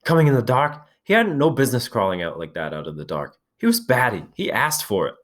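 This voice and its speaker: A man reading a novel aloud and voicing an anxious, fussy schoolboy with glasses in a high, shrill, pleading voice. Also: very animated, fairly quick, a bit bright. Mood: shrill, agitated.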